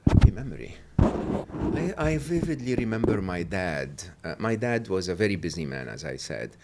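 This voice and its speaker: A middle-aged man telling stories as a podcast guest, animated and often laughing, sometimes halting with fillers. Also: low-pitched, background noise. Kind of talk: podcast interview.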